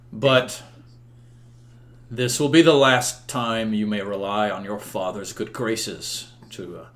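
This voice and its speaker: A man voicing a stern, weary king who passes judgment in a slow, grave, measured way, in a tabletop role-play game. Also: fairly low pitch, fairly bright tone.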